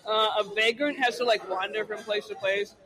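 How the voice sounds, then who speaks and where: A woman co-hosting a casual podcast, with sarcastic, profane, deadpan jabs. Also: medium pitch, a little fast, crowd noise, low-quality recording. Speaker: podcast co-host.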